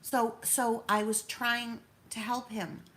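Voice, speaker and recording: A woman's voice: fairly high pitch, level tone, slow, a bit bright, slight background noise. A woman in her fifties venting in a personal vlog, rambling and hurt as she talks through her troubles. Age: 50s. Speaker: vlogger.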